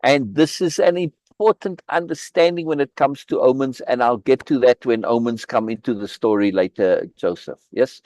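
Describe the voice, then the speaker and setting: A man's voice: medium pitch, moderate pace, few pauses, darkish tone, no echo. A man leading a live online book reading group, commenting in an emphatic way, often repeating words and restarting his phrases. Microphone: video call.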